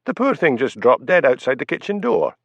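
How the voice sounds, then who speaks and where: A man voicing an excitable village waiter who chatters eagerly, in a dull, dry recording. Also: medium pitch, brisk, vocal fry, dry recording, voice pushed up.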